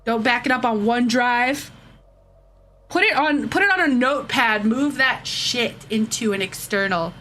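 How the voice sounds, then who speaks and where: A woman's voice: on the high side, expressive, normal speed, pushed and bright, slight background noise. A woman streamer ranting heatedly and profanely to her chat, taking drinks as she goes. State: drinking shots. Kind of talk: casual livestream rant.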